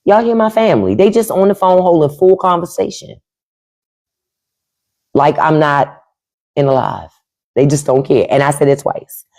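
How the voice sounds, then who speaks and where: A woman's voice: sits low, lively intonation, moderate pace, pauses often, dark tone. A woman hosting a livestream from home, giving blunt, profane opinions and answering her chat. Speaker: podcast host on a livestream. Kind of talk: unfiltered political livestream rant.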